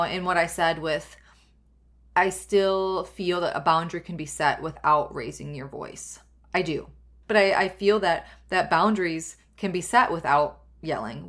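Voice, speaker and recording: A young adult woman with a somewhat low voice hosts a solo podcast. She talks earnestly and rambles, circling back with fillers and restarts. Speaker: podcast host.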